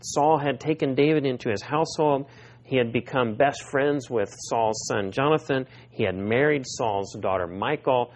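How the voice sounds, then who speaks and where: A man preaching a sermon who reads scripture aloud and keeps asking his listeners questions. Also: mid-range voice. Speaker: pastor. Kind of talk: expository Bible sermon.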